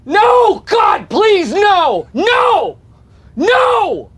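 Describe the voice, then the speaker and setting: A man's voice: very high-pitched, huge pitch swings, drawn-out words, a bit bright, shouting, voice pushed up, heavily acted. A man voicing a terrified man who screams and wails in despair, shrieking and begging. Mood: panicked. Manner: wailing shrieks.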